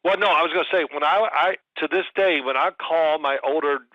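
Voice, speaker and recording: An older man, a guest on a chat show, telling animated family stories and putting on shouted voices in them. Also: on the high side, brisk, no echo. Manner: animated storyteller, mimics shouting in anecdotes. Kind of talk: casual podcast chat. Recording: dry, muffled audio.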